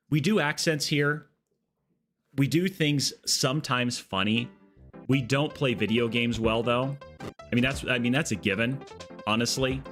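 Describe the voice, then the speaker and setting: A man live-streaming a game, chatting casually in an excitable, joking, rambling way. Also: medium pitch.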